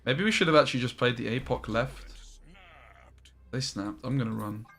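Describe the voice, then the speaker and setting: A man's voice: mid-range voice, moderate pace, fairly bright tone. A man with an Essex accent, chatting casually and swearing now and then while he streams a card game and answers his chat. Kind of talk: live gameplay commentary.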